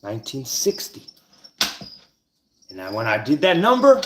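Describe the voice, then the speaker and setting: A man's voice: mid-range voice, very animated, a little fast, noisy background. A man telling stories and teaching a numbers trick in a casual, profane, emphatic way. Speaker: numerology teacher. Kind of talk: casual storytelling monologue.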